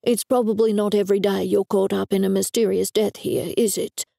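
Calm polite brother of the dead guy, woman reading him, little gravelly. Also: mid-range voice, fairly quick, no echo, studio quality.

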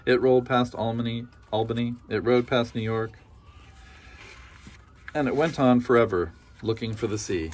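A man reading a children's picture book aloud in a gentle, rhythmic storytelling manner. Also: medium pitch, normal speed. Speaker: storybook reader.

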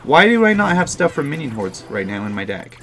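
A young man commentating his own mobile game matches, frustrated and self-mocking, with sudden loud outbursts. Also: on the high side, big pitch swings, fairly quick, slight background noise. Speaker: gaming YouTuber.

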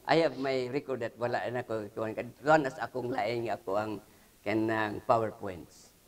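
A man teaching a Bible lesson at church, mixing English with Cebuano, pausing often on fillers and reading scripture emphatically. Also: on the low side, fairly even intonation.

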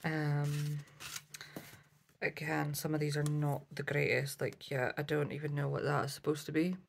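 A woman's voice: low voice, flat delivery, moderate pace, gravelly. A woman chatting casually through a craft haul, with lots of ums and asides. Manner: chatty, many ums, self-correcting. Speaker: craft vlogger. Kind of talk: casual show-and-tell haul.

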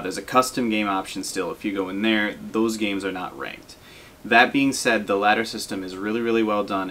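A man's voice: lowish voice, a little hiss or hum. A young man giving casual, self-deprecating commentary over gameplay as a gaming video host. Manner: relaxed, self-deprecating, frequent fillers.

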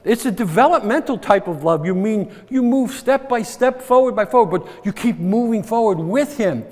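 A man preaching a sermon in a fairly high voice. He is earnest and circles back over his points, often turning to the congregation for agreement. His words trail off into a long reverb, as in a big church sanctuary. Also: expressive, moderate pace. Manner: earnest, repetitive, asks the congregation "right?". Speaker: pastor.

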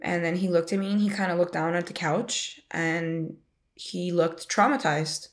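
A woman's voice: fairly low pitch, normal speed. A woman in her twenties casually telling a personal story in a rambling way, full of "like" and restarts, and emotional as she retells it. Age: 20s. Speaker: interviewee sharing a personal story.

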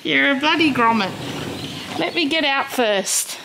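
A woman's voice: sits high, expressive, measured pace, vocal fry, background noise. An Australian woman vlogging casually, chatting and chiding her horse with a laugh. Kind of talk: casual vlog chat. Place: outdoors at home with a horse, then indoors.

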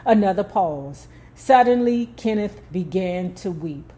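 A woman's voice: mid-range voice, lively intonation, a little slow, warm tone. A woman telling a true story, reading it out and breaking off for casual, emphatic commentary. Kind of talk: storytelling narration with asides.

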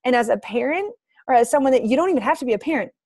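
High-voiced, energetic woman rallying her team. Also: rapid-fire, no room sound, studio quality. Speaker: team coach leader. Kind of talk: motivational team call. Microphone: video call.

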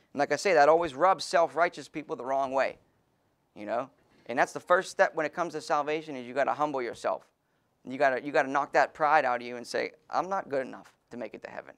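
A man pastor preaching a sermon in an informal, folksy way, with many fillers and restarts, and reading scripture aloud slowly and with emphasis. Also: mid-range voice, fairly bright tone. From Pennsylvania, USA.

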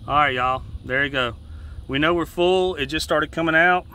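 A Southern-accented fishing guide talks through a repair step by step in a relaxed, homespun manner, often restarting his sentences. His voice sits a little higher than most men's. He is recorded outdoors, with faint background noise around him. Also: moderate pace. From Georgia, US. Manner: relaxed, folksy, repeats and restarts phrases. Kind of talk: casual how-to demonstration. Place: outdoors beside a boat.

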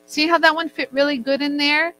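A woman's voice: high voice, level tone, fairly quick, sharp tone, low-quality recording. A woman teaching jewelry making in a casual, chatty way, joking with her crew as she works. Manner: chatty, jokey, laughs often. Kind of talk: casual demo chat. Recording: faint mains hum.

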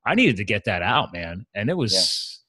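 A man's voice: on the low side, very animated, normal speed, pushed and bright, breathy edge, no echo. A man talking as a podcast guest, earnest and open, telling personal stories casually with lots of "man" and "like". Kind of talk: candid conversational storytelling.

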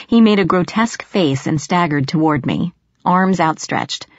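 A woman narrates a first-person audiobook in a measured, storytelling manner. Her voice sits low for a woman. The recording is dry, with no room echo, and slightly muffled.

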